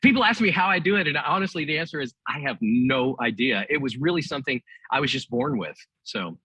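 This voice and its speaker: Bright, husky-voiced man chatting. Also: mid-range voice, animated, a little fast, no echo, rough recording. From Texas. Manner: chatty, laughs often, many restarts. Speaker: guest ventriloquist. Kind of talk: casual interview chat.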